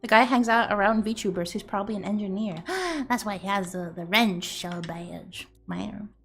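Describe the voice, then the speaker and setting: Young woman streamer, loose and giggly, talks off the cuff over soft background music. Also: mid-range voice, fairly even intonation, normal speed. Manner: rambling, giggly, swears freely. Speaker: streamer and artist. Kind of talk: casual stream chat.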